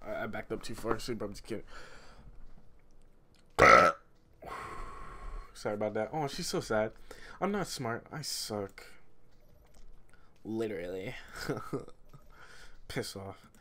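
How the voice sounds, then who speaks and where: Man, streamer, low voice, reads game text aloud, laughing asides, slight background hiss. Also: lively intonation, takes it slowly, long pauses, bright, forceful tone. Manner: rambling, laughing, self-mocking interruptions. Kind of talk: reading a story game aloud with joking asides.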